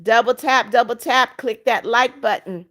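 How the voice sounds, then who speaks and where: Older lady in her 70s doing a live chat, a bit higher voice, blunt and motherly, blesses everyone. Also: normal speed, sharp tone. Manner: greets viewers by name and blesses them, blunt and motherly. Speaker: livestream host. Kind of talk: casual livestream chat reading viewer comments.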